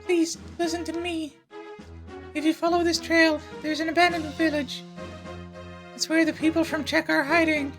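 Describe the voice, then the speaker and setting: A man's voice: extremely high pitch, little pitch movement, moderate pace, over music, voice pushed up. A man voicing a stern female army officer in a game, with a commanding manner. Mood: pleading. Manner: commanding, then pleading. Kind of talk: live game voice-acting.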